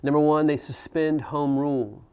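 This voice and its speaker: A man's voice: fairly high pitch, steady tone, normal speed, warm tone, smooth. A man teaching a history class, talking conversationally and asking students questions as he goes. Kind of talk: classroom lecture.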